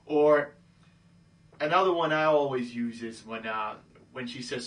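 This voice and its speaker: A man's voice: medium pitch, normal speed, fairly bright tone, recorded from a distance. A man giving casual dating advice who keeps checking in with "okay?". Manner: breezy, acts out pickup lines in quoted voices, says "okay?" a lot. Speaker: dating coach. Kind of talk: casual instructional talk.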